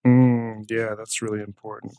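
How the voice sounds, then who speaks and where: A man's voice: fairly low pitch, flat delivery, moderate pace, warm tone, smooth, dry recording. A man hosting a podcast, asking questions in a hesitant, thinking-aloud way full of fillers. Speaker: podcast host. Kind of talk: casual interview talk.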